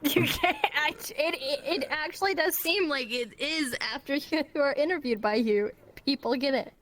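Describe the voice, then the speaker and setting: A woman guest chats easily on a casual interview stream and often laughs along. Her voice sits a little above the usual pitch for a woman. She talks freely and at length. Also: normal speed, fairly bright tone. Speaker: talk show guest.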